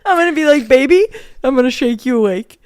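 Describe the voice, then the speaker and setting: A woman's voice: high voice, animated, fast talker, a little mellow, no echo, studio quality. A young woman co-hosting a podcast in casual chat, teasing her friend and often giggling. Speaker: podcast co-host.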